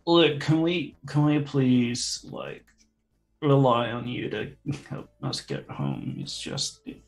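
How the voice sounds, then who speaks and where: A man's voice: medium pitch, very animated, slow pace, soft background music. Man playing a spaced-out bro satyr. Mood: dazed. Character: spaced-out male bro satyr, lost and mellow.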